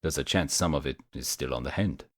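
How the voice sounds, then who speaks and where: A man voicing a calm, knowing male mage who speaks in a measured, direct way. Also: a bass voice, no room sound, clean studio sound, voice pushed down. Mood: serious.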